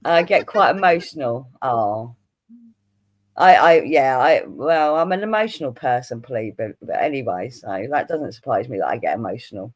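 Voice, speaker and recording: A woman with a strikingly low voice, hosting a laid-back streamed chat. Her pitch swings widely as she reads out viewer comments, and she is frank, giggly and swears freely. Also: lively intonation, moderate pace. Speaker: streamer host reading chat. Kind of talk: casual chat. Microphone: home streaming mic.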